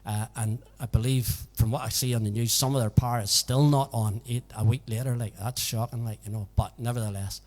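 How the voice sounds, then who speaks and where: Speaking briskly with hardly any pauses, a man with a mid-range, slightly mellow voice and fairly even intonation hosts a live music stream from his village home. He chats casually and folksily, tacking "so it did" onto sentences, amid backing music and long reverb.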